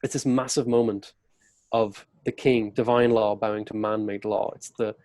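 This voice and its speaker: A man's voice: lowish voice, steady tone, normal speed, darkish tone, no echo. A man, a podcast guest and historian, telling a historical story in conversation and acting out quotes along the way. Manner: vivid retelling that acts out historical quotes.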